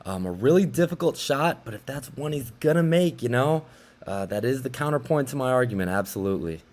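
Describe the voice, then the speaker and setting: A young man casually recapping basketball highlights like an excited fan commentator. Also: a little fast.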